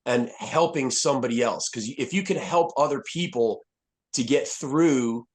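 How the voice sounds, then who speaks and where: A man's voice: mid-range voice, normal speed. A man in his fifties, a retired soldier speaking as a podcast guest, telling his story candidly in a blunt, profane way with many restarts. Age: 50s.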